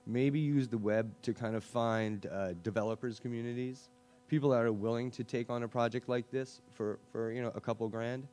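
A man speaking casually on a discussion panel, chatty and full of fillers and quick asides. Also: medium pitch, fairly even intonation, darkish tone, faint music behind. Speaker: web design panelist.

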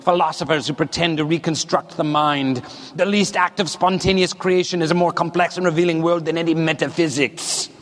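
A man voicing a grave European orator, reading a solemn text slowly in a put-on heavy German-style accent. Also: fairly high pitch, fairly even intonation, fairly bright tone, close to an everyday voice. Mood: grave declaiming. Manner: solemn slow declamation. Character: grave European male orator denouncing society. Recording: long reverb of a large hall.

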